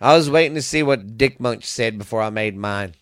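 A podcast host chatting casually, making crude jokes, singing along and breaking into loud outbursts. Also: mid-range voice, brisk, no room sound, clean studio sound.

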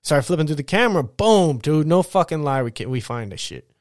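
Guy rambling through a work story on his podcast, lots of swearing, clean smooth voice, dead dry room. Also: fairly high pitch, fairly quick, dry recording. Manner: rambling, profane, animated retelling. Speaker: podcast host. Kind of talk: casual storytelling monologue. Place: at home getting ready for bed.

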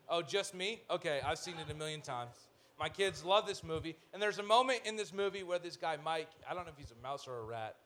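A male pastor preaching a sermon in an animated way, with joking asides, swinging from loud to hushed. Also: fairly high pitch, slight background noise.

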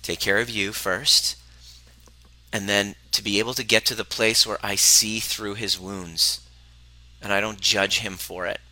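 Blunt, bright-voiced male relationship coach. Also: lowish voice, level tone, normal speed, no echo, poor audio. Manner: emphatic and blunt, swears freely; repeats phrases for emphasis. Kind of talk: motivational talk to a live group.

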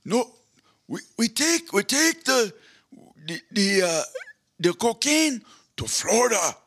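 A man's voice: high-pitched, very animated, slow, a bit bright, slightly rough, pitched above the performer's own voice, heavily acted. A man voicing a gnarled old male sea turtle drug smuggler with a Cuban accent and a strained, guttural voice. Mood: boastful.

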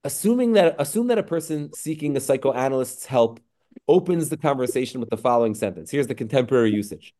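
A man gives an online lesson in a middle-pitched voice, thinking aloud and filling pauses with "um" and "uh". He slows right down whenever he quotes a phrase. The sound comes through a computer mic on a video call. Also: animated, dark tone. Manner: reflective, stretches quoted phrases slowly, frequent fillers. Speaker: rabbi teaching a class. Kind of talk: online lecture.

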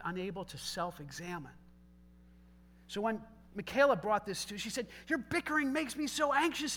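A middle-aged male pastor preaching a sermon, animated, moving between loud exhortation and soft, conversational storytelling with joking asides. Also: high voice.

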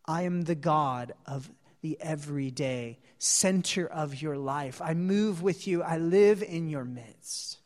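A male preacher voicing God as a humble, gentle speaker, quiet and low, in a reverberant hall. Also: steady tone, a little slow, natural voice.

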